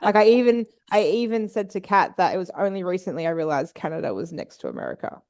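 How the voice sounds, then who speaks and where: A woman's voice: on the low side, animated, fast talker, darkish tone. A woman guesting on a podcast, telling a personal story candidly and swearing freely. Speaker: podcast guest, business and mindset coach.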